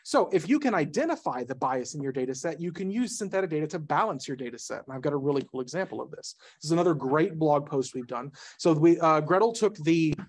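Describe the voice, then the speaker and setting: Fast-talking man giving a tech talk. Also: on the high side, lively intonation. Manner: rapid, self-interrupting, jokey asides. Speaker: conference speaker. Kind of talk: casual tech presentation. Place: meetup presentation room.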